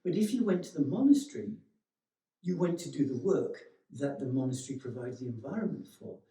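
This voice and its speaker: A man giving a meditation teacher's dharma talk in a gentle, reflective way, with many pauses and restarts. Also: mid-range voice, very animated. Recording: echoey room, voice from far off.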